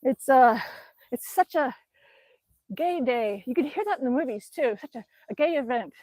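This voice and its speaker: Bubbly high-voiced older woman streaming. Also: animated, moderate pace, a little mellow, no echo. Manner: bubbly, chatty, laughs often, fond baby talk to her dog; working out on an exercise bike while talking. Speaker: live streamer. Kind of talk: casual live-stream chat reading comments. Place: at home, indoors.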